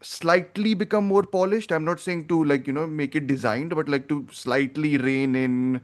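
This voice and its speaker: A man's voice: fairly high pitch, fairly even intonation, moderate pace. A man hosting a film podcast, talking in a rambling, opinionated way as he thinks aloud. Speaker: podcast host. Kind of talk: casual film review chat.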